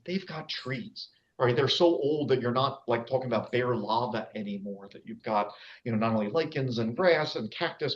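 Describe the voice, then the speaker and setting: A man giving an informal public lecture about wildlife, chatty and often checking in with his audience. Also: medium pitch. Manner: chatty, checks in with the audience using "all right?"; frequent fillers and restarts. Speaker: lecturer and nature guide. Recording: dull lo-fi recording.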